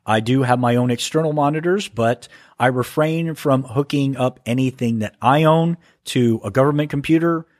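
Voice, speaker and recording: A man hosting a podcast from home talks casually through listener mail. He often stumbles and restarts mid-sentence. His voice sits at an ordinary pitch and sounds close and dry, with no room around it. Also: dry recording. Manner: halting, stumbles and restarts when reading aloud. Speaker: podcast host.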